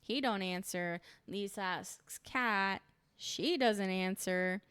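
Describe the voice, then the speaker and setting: A woman's voice: medium pitch, slow, a bit bright, clear, resonant tone, no room sound. A woman recapping a reality show in casual, opinionated chat, full of "like" and "um". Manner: chatty and opinionated, lots of "like" and "um".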